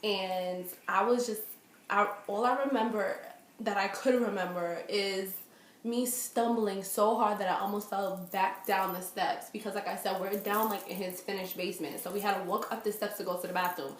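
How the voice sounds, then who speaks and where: A young woman telling a storytime vlog in a casual, animated way, full of fillers and acted-out quotes. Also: medium pitch, normal speed, roomy sound. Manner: animated, lots of fillers, acts out quoted voices. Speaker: vlogger.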